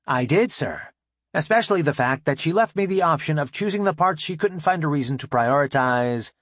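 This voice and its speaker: A man's voice: on the high side, animated, a little fast, fairly bright tone, no room sound. A man voicing a frank female starship engineer. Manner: crisp, formal military address.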